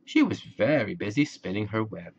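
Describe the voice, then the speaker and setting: A man reading a picture book aloud to children in a gentle, playful way. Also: expressive, normal speed, lo-fi sound, noisy background. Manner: gentle, playful, animal sounds done in a high voice. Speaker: storybook reader.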